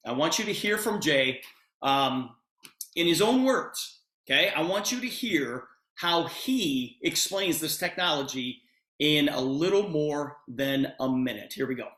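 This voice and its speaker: A man giving a storytelling pitch on a video call, acting out both sides of a conversation in an animated way. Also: a little slow, echoey room. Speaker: presenter of a business opportunity call.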